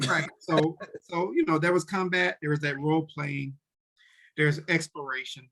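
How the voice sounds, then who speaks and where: A man's voice: fairly high pitch, fairly even intonation, moderate pace, bright, forceful tone. Casual man explaining game rules. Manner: talks in restarts, acts out short character lines. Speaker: podcast co-host explaining tabletop games.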